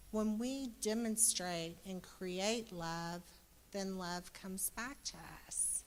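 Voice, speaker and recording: A woman giving a Sunday sermon, speaking slowly and gently, then growing loud and exuberant as she leads the congregation. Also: mid-range voice, slight background noise. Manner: slow, gentle preaching that turns loud and exuberant when leading the congregation. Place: church sanctuary. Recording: reverberant church hall.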